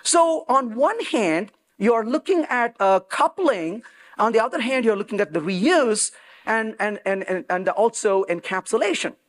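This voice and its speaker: A man's voice: sits high, lively intonation, a little slow. A man giving a technical conference talk in an emphatic way, acting out quoted dialogue. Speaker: conference speaker. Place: conference venue.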